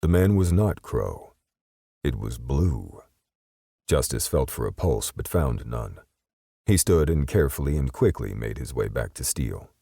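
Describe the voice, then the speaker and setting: A man's voice: rumbling low, very animated, measured pace, vocal fry, mellow, breathy edge, no room sound, studio quality. A man narrating an audiobook in a dramatic, scripted way.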